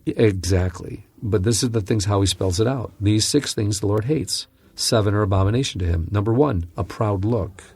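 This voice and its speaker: Gravelly, low-voiced male Bible teacher. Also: normal speed, few pauses, no echo. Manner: earnest, animated storyteller with frequent restarts. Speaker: Bible teacher and podcast host. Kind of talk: conversational teaching with storytelling.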